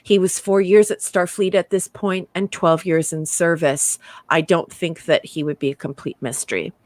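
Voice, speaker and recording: A woman co-hosting a casual review podcast, animated and laughing often as she reads from her notes. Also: on the low side, moderate pace, no echo. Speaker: podcast co-host.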